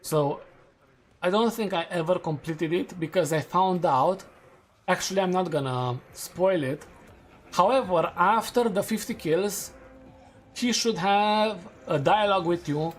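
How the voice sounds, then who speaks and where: A young man chats loosely with his viewers as he plays, his voice sitting a little higher than most men's. He thinks out loud, hedges and takes back what he just said. A soft hum of ambience runs underneath. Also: measured pace. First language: Romanian. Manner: rambling, thinking aloud, hedging and correcting himself. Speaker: streamer. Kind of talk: casual live-stream chat while gaming.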